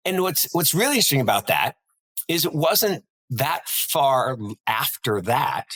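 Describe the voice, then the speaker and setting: A man from North Carolina co-hosting a markets podcast, telling history in a rambling, animated way with many restarts. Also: mid-range voice, unhurried, rough recording. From North Carolina, USA. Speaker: podcast co-host. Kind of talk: casual market chat.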